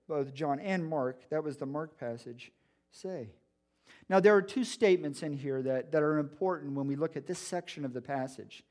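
A male pastor preaches with earnest emphasis, often doubling back on his words. His voice sits notably high. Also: normal speed, darkish tone. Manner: earnest, emphatic, with frequent restarts. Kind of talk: sermon.

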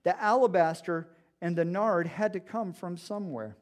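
A man's voice: high-pitched, moderate pace. A man preaching a sermon in an earnest, emphatic way, often restarting his phrases. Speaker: pastor.

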